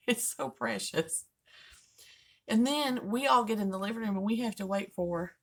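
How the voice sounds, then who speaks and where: Older grandma vlogger, gravelly and folksy, joking home chat. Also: female voice, mid-range voice. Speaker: vlogger host. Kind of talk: casual chat.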